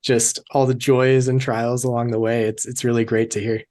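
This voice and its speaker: A young man hosting a podcast interview, friendly and quick with short affirmations. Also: medium pitch, little pitch movement, darkish tone. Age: young adult. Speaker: podcast host. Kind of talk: casual interview chat.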